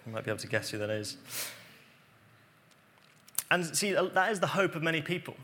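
A man preaching a sermon, explaining scripture earnestly and dropping to quiet emphasis on key points. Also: on the high side, sing-song, brisk, a little hiss or hum.

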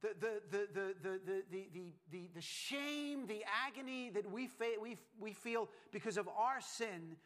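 High-voiced guy preaching, gets real quiet then loud, repeats himself a lot. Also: expressive, unhurried, few pauses. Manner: emphatic, swings from hushed to loud, repeats words. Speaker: pastor. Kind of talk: sermon.

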